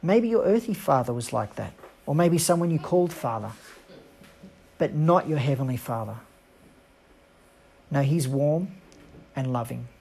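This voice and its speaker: A woman preacher giving an earnest, emphatic sermon with dramatic pauses. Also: sits low, a little mellow, slightly rough.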